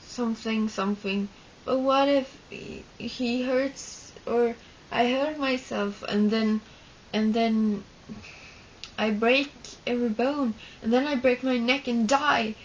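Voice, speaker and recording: A woman's voice: mid-range voice, level tone, moderate pace, few pauses, darkish tone, muffled recording, a little hiss or hum, close to an everyday voice. A woman voicing a scared, whiny young boy who frets and piles up worried what-ifs. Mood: fretful. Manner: anxious, piling up what-ifs.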